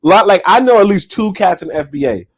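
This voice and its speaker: A man co-hosting a podcast, talking in a loose, rambling, profane way and laughing loudly. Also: high-pitched, animated, fast talker. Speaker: podcast co-host. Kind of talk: casual podcast chat.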